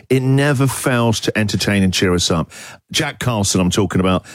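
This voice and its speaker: A man's voice: fairly low pitch, dry recording. A male radio host chatting casually and jokily on a studio microphone. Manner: enthusiastic, jokey.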